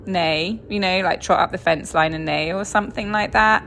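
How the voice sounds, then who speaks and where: A peaceful, self-sufficient horse with a dry wit speaks through a woman relaying him. The delivery is plain and unhurried, with a light gravel at the bottom of the voice. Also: on the low side, a bit bright, a little hiss or hum. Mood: dry calm. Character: calm, wry, independent male horse.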